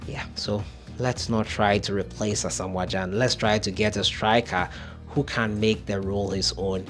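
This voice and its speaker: A man's voice: on the low side, fairly even intonation, moderate pace, soft background music. A man hosting football news, giving opinionated commentary as he thinks aloud. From Ghana.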